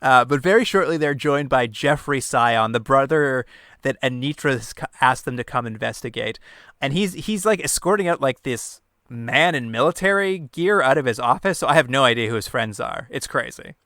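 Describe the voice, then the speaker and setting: Bright-voiced man recapping with laughs. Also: medium pitch, normal speed, dry recording, clean studio sound. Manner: animated recapping, laughs often. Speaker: podcast co-host. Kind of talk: casual podcast chat.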